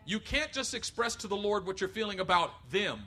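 A middle-aged man preaching a sermon, animated, acting out voices of others and rising to near shouts. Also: sits high, normal speed. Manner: acts out voices of others in quotes. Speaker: pastor.

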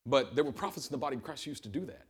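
A man preaching a sermon to a congregation in a church, telling a Bible story with humor and animated storytelling. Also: mid-range voice, rapid-fire, breathy edge. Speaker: pastor. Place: church service before a congregation.

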